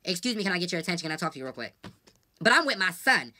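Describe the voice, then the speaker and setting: A woman's voice: fairly low pitch, big pitch swings, very fast, bright, forceful tone. A woman vlogger venting casually to her viewers, blunt and profane, telling stories with lots of animation.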